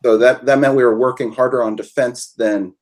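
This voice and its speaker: A man speaking as an attorney guest on a webinar, measured and explaining legal outcomes step by step. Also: medium pitch, fairly even intonation, darkish tone.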